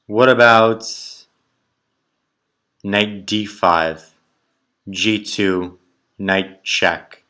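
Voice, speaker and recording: A man's voice: on the low side, extremely slow, long pauses, pushed and bright, clear, resonant tone. A man thinking aloud as he solves chess puzzles, muttering moves in short clipped phrases. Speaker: chess player solving tactics puzzles. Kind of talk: thinking aloud while calculating.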